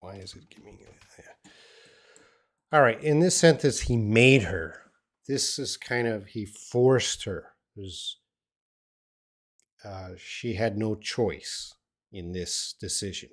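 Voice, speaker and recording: A man's voice: lowish voice, takes it slowly, long pauses. A middle-aged man teaching English on a live stream, answering viewers' questions and thinking aloud with hesitant restarts. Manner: encouraging.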